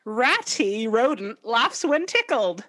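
A playful woman co-hosts a casual podcast, laughing her way through quiz questions. Her voice sits high and leaps widely in pitch. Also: sing-song, takes it slowly, a bit bright. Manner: giggly, playful, laughs a lot. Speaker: podcast co-host.

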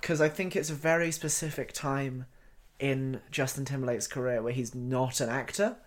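A man co-hosting a casual podcast with a relaxed, easygoing delivery. He laughs often and slips into small impressions of other people. His voice sits in an ordinary middle pitch. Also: moderate pace. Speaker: podcast co-host. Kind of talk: casual chat.

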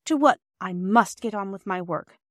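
A woman reader voicing a weary, loving mother in a storybook reading, speaking softly and tenderly. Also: moderate pace, dry recording, clean studio sound, lightly acted. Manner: soft, tender, low-key.

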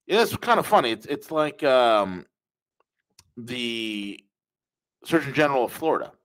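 Male podcast host, emphatic opinion commentary, repeats his points, mid pitch. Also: big pitch swings, unhurried, a bit bright, rough recording. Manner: emphatic, repeats phrases, addresses listeners as folks.

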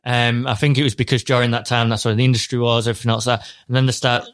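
A man's voice: medium pitch, fast talker. Chatty man. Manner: chatty, animated retelling. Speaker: podcast co-host. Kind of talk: casual chat.

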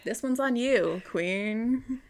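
A woman's voice: a little high, takes it slowly. A woman co-hosting a book podcast in casual chat, swearing freely, laughing often and sometimes talking while she eats. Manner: talks while eating.

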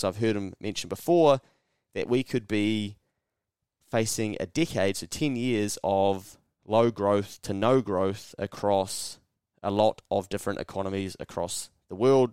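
A New Zealand man talks through his solo podcast in a blunt, sarcastic, sweary way, slipping into mock dialogues as he goes. His voice sits a little low. The sound is dry and close, with no room around it. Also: normal speed, darkish tone, smooth, no room sound. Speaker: podcast host. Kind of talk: casual solo podcast monologue.

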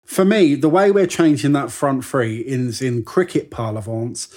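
Husky man chatting football. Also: medium pitch, measured pace, a little mellow. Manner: chatty, jokey, mimics people mid-story. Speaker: football podcast co-host. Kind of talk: casual football chat.

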